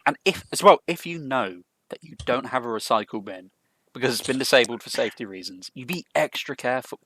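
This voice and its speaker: A man's voice: medium pitch, expressive, a little fast, a bit bright, a little hiss or hum. A man co-hosting a podcast, telling chatty anecdotes and leading the news segment. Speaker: podcast co-host. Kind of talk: casual chat.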